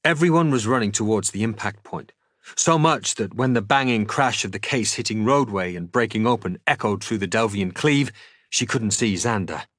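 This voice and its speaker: A man reading a novel aloud in an expressive, dramatic audiobook style as a streamer. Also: lowish voice, normal speed, no echo, studio quality.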